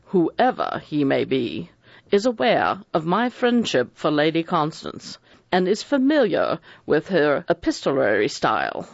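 A man's voice: a little high, vocal fry, no echo, highs cut off, heavily acted. A man voicing a precise, cold elderly judge who chooses his words with care. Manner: measured, picks words with care.

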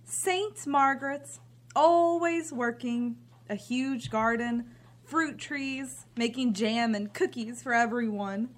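An actress playing a bitter, cynical grown daughter who talks with sarcastic scorn. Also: female voice, on the high side, takes it slowly. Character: bitter cynical adult daughter living at home. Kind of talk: drama scene.

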